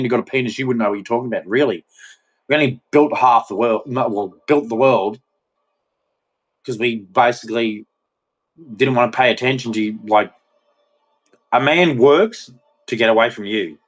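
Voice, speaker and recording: A man in a heated rant to camera, blunt and agitated, mocking others in a shrill voice and dropping to low muttering between outbursts.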